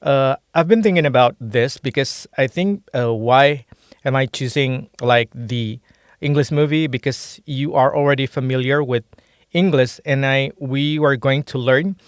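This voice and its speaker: A man's voice: medium pitch, smooth, no echo. Indonesian man teaching, dry close sound. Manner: explains slowly with many fillers and restarts. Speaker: language teacher. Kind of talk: casual language lesson.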